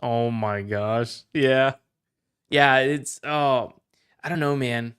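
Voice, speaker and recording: Slow and smooth, this man's mid-range voice belongs to a podcast guest having a casual chat. As he talks, his passion builds and he grows excited.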